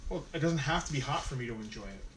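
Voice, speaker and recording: A man co-hosting a casual live-stream sale, quick and offhand with joking banter, recorded at a distance from the mic. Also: mid-range voice, animated, crowd noise. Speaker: co-host. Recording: distant mic in a roomy space.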